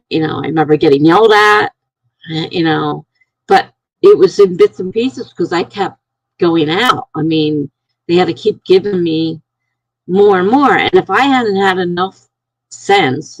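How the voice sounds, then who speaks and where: A middle-aged woman talks through a personal story in a loose, rambling way, her voice gravelly and the sound dry and close. She halts, restarts and circles back as she goes, like a live streamer chatting to viewers. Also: deep voice, dry recording, low-quality recording. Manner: rambling, halting, full of restarts and "I'm like".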